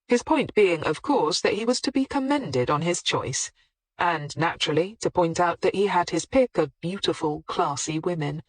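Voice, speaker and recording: A narrator reads a crime novel in a steady, measured way. The voice sits in a mid register. The recording is close and completely dry. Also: medium pitch, dry recording. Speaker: audiobook narrator. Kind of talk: scripted audiobook narration.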